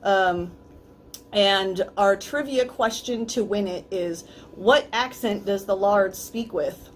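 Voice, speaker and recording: A brash woman chats on a livestream, promoting a pet charity and her handmade goods. Her voice is mid-pitched, with a faint hiss in the background. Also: slow. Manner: brash, swears freely, promotional. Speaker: guest, pet charity organizer and craft seller. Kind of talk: casual livestream chat.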